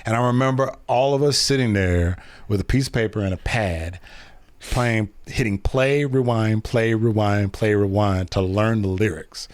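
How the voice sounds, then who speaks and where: A man chatting casually as a guest on a podcast, lively and quick to riff and joke. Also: fairly low pitch. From grew up partly in West Germany. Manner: animated, riffs and sings along. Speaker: guest voice actor.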